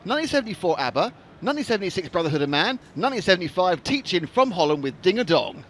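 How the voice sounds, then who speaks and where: A man in his fifties rambles cheerfully through live race-stream commentary, with plenty of jokes and asides. His voice sits somewhat high and leaps about in pitch, and there is faint noise behind him. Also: big pitch swings, rapid-fire, a bit bright. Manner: chatty, jokey, rambling.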